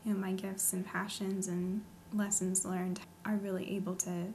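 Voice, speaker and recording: A soft-spoken woman shares her faith testimony in a flat, level voice. Her tone is sincere and earnest, with a faint hiss running behind her. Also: medium pitch, moderate pace. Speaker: guest sharing testimony. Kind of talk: personal testimony.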